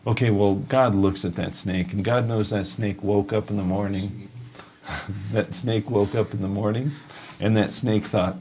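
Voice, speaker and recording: A man's voice: on the low side, fairly even intonation, measured pace, a little mellow, a little hiss or hum. A man teaching a sermon, storytelling and asking and answering his own questions. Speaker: Bible teacher.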